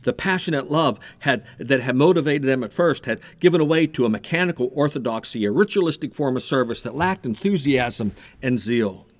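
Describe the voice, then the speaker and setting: A man preaching a sermon, animated and repeating himself as he builds his point. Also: mid-range voice, brisk, hardly any pauses. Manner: animated preaching with repetitions and a told joke. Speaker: pastor.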